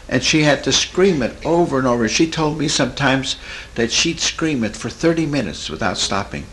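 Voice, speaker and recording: A man's voice: mid-range voice, moderate pace, low-quality recording. A Christian therapist, a man, tells a story from his practice in a folksy, earnest way. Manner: folksy, earnest, animated retelling. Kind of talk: storytelling talk.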